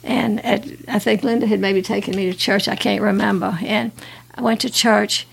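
This guest, an Alabama woman in her 80s, shares her testimony in a creaky, medium-pitched voice with a steady tone and normal speed. She recounts her life earnestly, with restarts and laughter, and there's slight background noise.

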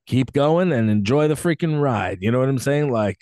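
A man co-hosting a podcast in casual chat, animated and joking, with lots of fillers and laughter. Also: medium pitch, normal speed, dry recording, clean studio sound. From East Coast of the US. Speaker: podcast co-host.

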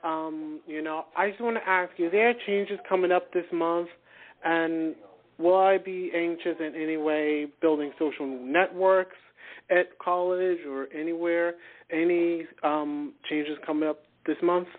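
A man's voice: a little high, steady tone, unhurried. A young man, a college student, calls in with a question and speaks hesitantly, with fillers. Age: young adult. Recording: tinny phone line.

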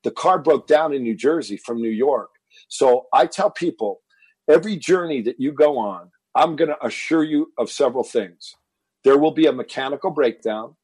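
Husky animated storyteller man in his fifties. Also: mid-range voice, normal speed, dry recording, rough recording. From Texas. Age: 50s. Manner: animated storyteller, rises to shouting when reliving anger. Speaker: fitness entrepreneur guest. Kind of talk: storytelling interview.

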